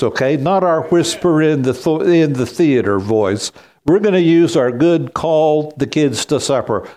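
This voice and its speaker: Slow, animated man preaching. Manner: slow, emphatic preaching with wide swings in pitch. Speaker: pastor. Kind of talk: sermon.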